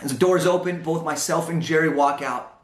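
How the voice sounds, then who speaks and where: Young male motivational speaker, high, animated storyteller, echoey hall sound. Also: a little fast. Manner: animated storyteller, acts out dialogue. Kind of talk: storytelling talk on stage.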